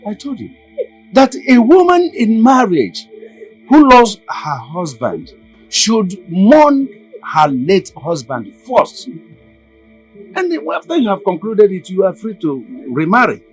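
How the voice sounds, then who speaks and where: An actor playing a middle-aged chief who soothes a crying queen in measured, formal words. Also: high voice, huge pitch swings, husky, soft background music, full character voice, low-quality recording. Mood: calming. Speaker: palace chief. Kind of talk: Nollywood film acting.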